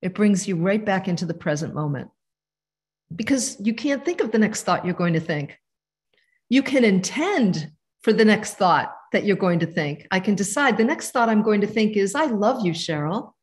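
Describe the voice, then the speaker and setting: Gentle woman teaching meditation. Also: mid-range voice, animated, moderate pace. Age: 50s. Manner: warm, gentle, conversational with soft asides. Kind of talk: live online teaching. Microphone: video call.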